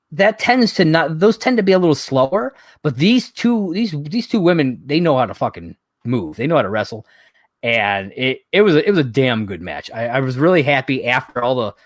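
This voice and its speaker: A man's voice: mid-range voice, no room sound. Profane, exasperated male podcast host, dry sound. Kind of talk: casual wrestling recap chat.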